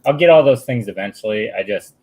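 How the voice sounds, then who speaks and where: A man's voice: on the low side, animated, brisk, a little mellow, rough recording. A man chatting casually with friends, laid-back and trailing off as he talks. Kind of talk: casual chat among friends.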